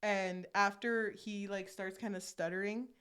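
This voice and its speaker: A woman's voice: mid-range voice, measured pace, clean tone. A young woman co-hosting a podcast, chatting casually as she retells a movie plot and acts out the characters' lines. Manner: animated, acts out character lines while recapping. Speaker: podcast co-host.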